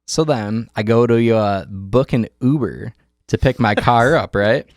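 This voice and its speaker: A man's voice: medium pitch, measured pace, no echo. Guy ranting through a story, swearing a lot, dry close mic. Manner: profane, animated storyteller who acts out quotes. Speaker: podcast host. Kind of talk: casual storytelling chat.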